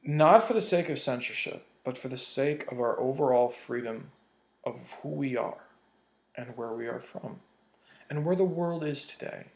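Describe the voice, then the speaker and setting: An American vlogger with a mid-range voice rants at a moderate pace, heated and profane, hammering home each point with emphasis. The recording has a roomy echo.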